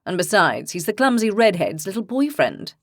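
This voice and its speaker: A woman's voice: medium pitch, very animated, normal speed, no room sound, clean studio sound. A woman narrator voicing a moody, stubborn young man who speaks emphatically and sulkily. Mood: mocking. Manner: emphatic, sulky.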